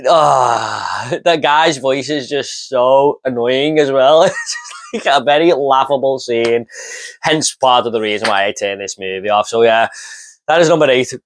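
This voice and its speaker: A man's voice: medium pitch, unhurried. A man giving casual commentary on bad horror movie lines, laughing often and swearing as he mocks them. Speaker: movie reviewer.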